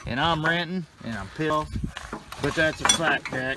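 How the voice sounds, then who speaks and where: A man's voice: a little high, normal speed, very noisy. A middle-aged man, ranting in a folksy, cussing way about his farm equipment, recorded outdoors on a farm. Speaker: farm vlogger.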